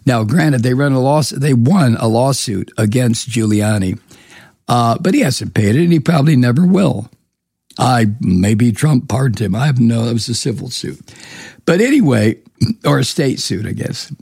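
Gravelly husky guy, slow angry rant, swears a lot, dry mic w faint music behind. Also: mid-range voice, lively intonation, a little mellow, no echo. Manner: profane, scornful and emphatic. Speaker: political commentary host. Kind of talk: angry political monologue.

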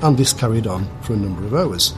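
A man with a fairly low voice recounting events in a documentary interview, with music clearly behind him. He tells it like a story and occasionally restarts a phrase. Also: animated, fast.

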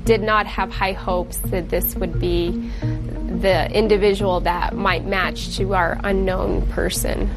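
A woman's voice: medium pitch, level tone, slow, music in the background. A woman forensic criminalist speaking plainly in an interview.

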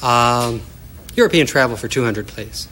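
A man competing on a quiz show, answering and choosing categories in a plain, steady way. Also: mid-range voice, moderate pace, a little hiss or hum.

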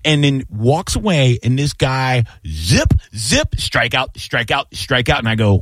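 A man hosting a casual sports radio talk show, telling animated, jokey stories and acting out quotes. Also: medium pitch, unhurried, few pauses, dry recording. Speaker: radio host and comedian.

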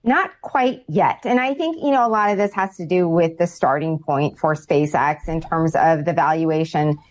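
A woman investment strategist answers interview questions in a lowish voice. She explains her points steadily and uses some fillers. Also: moderate pace.

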